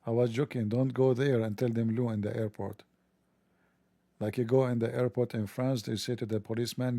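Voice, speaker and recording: Male commentator, mid-pitched gravelly voice, mellow tone, mocking and jokey, sarcastic monologue. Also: little pitch movement, moderate pace, no room sound. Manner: mocking, joking, rambling asides. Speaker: religion commentator.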